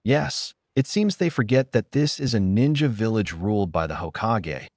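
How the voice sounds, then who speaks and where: A man's voice: on the low side, lively intonation, normal speed, darkish tone, no room sound, studio quality, pitched above the performer's own voice. A man reading as a teasing young ninja. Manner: polite and mocking. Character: young male ninja clan head, polite and teasing.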